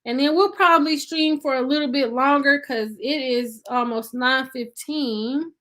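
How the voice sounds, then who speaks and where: Woman, live-stream host, casual chat, high bright voice, unhurried, says y'all, laughs a lot. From Nashville, Tennessee resident. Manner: chatty, addresses viewers as "y'all", laughs often. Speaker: livestream host.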